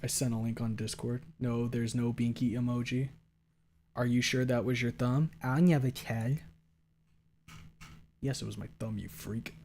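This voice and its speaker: A man's voice: moderate pace, a little hiss or hum. Rambling young man streamer, joking around. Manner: jokey and rambling, swings between loud excited bursts and low mumbled asides. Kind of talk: casual chat reading out viewer messages.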